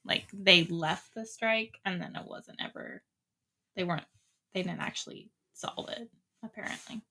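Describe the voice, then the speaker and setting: A woman's voice: mid-range voice, normal speed, pushed and bright. A woman co-hosting a podcast in casual chat, blunt in her opinions. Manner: blunt opinions, trailing hedges. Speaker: podcast co-host.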